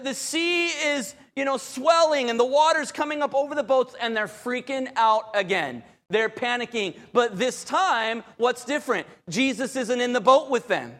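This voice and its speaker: A man's voice: extremely high pitch, a bit bright. A man preaching a sermon, telling a story with animation, often repeating phrases and speaking directly to the crowd. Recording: long hall reverb.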